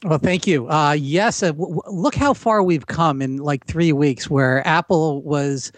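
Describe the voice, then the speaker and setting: A man's voice: a little high, measured pace, no room sound. Eager, talkative male podcast guest. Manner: eager, talkative, stumbles and restarts often. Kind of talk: casual interview.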